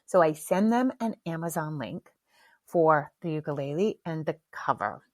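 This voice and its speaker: A woman's voice: low-pitched, animated, normal speed, no room sound. A middle-aged woman hosting a podcast, telling a story in a candid, frank way, with swearing and laughs. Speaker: podcast host. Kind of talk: casual podcast monologue.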